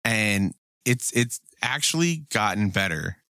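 A man's voice: fairly low pitch, no room sound, clean studio sound. A man co-hosting a podcast in casual chat, swearing freely and acting out quotes with energy. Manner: profane, animated, quick to act out quotes. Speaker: podcast co-host.

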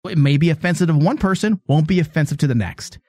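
A man's voice: fairly high pitch, fast talker, darkish tone, no room sound. A man hosting a radio talk show, talking bluntly and casually and laughing easily. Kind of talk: casual opinionated banter.

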